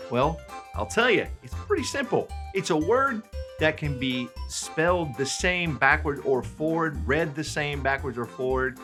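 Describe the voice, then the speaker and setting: A man teaching a language lesson, reading out examples slowly and carefully and then translating them. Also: fairly high pitch, expressive, fairly bright tone, faint music behind. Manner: slow, careful enunciation of examples. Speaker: language tutor.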